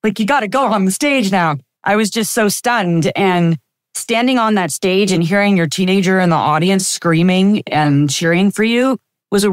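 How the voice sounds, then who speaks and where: A woman's voice: medium pitch, dry recording. Reflective storytelling woman in her fifties. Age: 50s. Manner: reflective, anecdotal, with frequent fillers. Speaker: chiropractor and practice owner, podcast guest. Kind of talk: casual interview storytelling.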